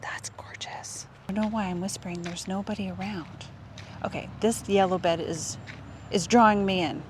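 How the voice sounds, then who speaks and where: A woman's voice: mid-range voice, fairly even intonation, moderate pace, noisy background. Gushing woman vlogging in a garden. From Canada. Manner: gushing, exclamatory, often drops to a hush. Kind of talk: casual walk-and-talk vlog. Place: outdoor public garden.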